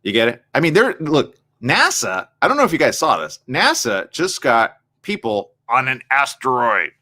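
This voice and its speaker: A man's voice: medium pitch, normal speed. A man hosting a live online morning show, chatting casually and reading viewer comments in a rambling way, often checking in with his audience. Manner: rambling, animated, asks the audience "you get it?".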